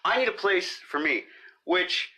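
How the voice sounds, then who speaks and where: A man's voice: sits high, animated, measured pace, sharp tone. A man on a casual comedy podcast, riffing and swearing freely. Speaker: podcast co-host.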